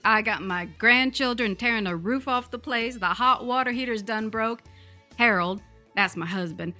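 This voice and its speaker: A woman voicing a brash older Southern grandmother who drives a truck, talking loud, blunt and folksy with a Southern accent. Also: fairly high pitch.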